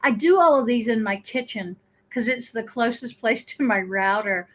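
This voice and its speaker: A woman talks over a home computer from her kitchen, clearly enjoying a good story. Her voice sits a little high and rings bright. She drops into other people's voices for lively quoted asides. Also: moderate pace, low-quality recording. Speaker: guest teacher. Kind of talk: casual live-stream chat.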